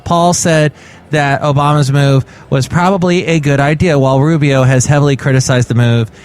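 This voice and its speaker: A man hosting a podcast, riffing on the news in a jokey way with big swings in pitch. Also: fairly even intonation, normal speed. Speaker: podcast host. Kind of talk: comic news commentary.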